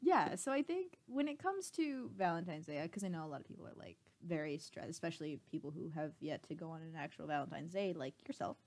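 Young woman podcast co-host, slightly low voice, chatty and self-mocking. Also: lively intonation, fast, hardly any pauses, a little mellow. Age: 20s. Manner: rambling, laughs often, self-deprecating. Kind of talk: casual chat.

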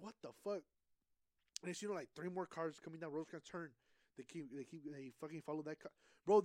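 Profane animated young man telling a story. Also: a little high, dry recording. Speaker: podcast co-host. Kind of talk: casual chat.

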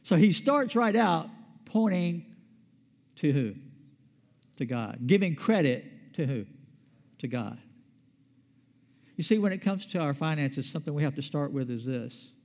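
A man's voice: on the high side, animated, unhurried, creaky, pauses often, a little mellow. A man pastor preaching a sermon in a conversational way, asking his listeners questions and answering them himself. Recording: long reverb of a large hall.

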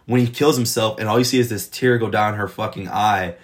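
A man casually reviewing a TV episode, retelling scenes in an excited, rambling way full of swearing. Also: fairly low pitch, fairly quick. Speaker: TV show reviewer.

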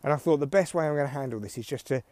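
A man's voice: mid-range voice, rapid-fire, darkish tone, no echo. A man hosting a solo podcast, rambling through a dry, self-mocking comic monologue. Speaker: podcast host.

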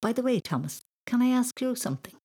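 A woman voicing a kind, playful father in a storybook reading, teasing gently. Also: fairly high pitch, very animated, fast talker, breathy edge, pitched above the performer's own voice, heavily acted.

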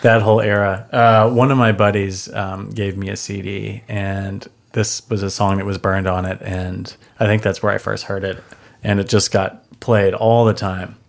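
A man's voice: fairly low pitch, little pitch movement, normal speed, gravelly. A man co-hosting a podcast, chatting casually with a wry tone and casual swearing. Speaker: podcast co-host. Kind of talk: casual chat.

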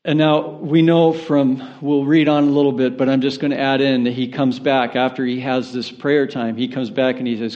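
Male pastor, earnest sermon delivery, mid-pitched voice, dull lo-fi recording. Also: little pitch movement, moderate pace, hardly any pauses. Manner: earnest, rising to impassioned preaching.

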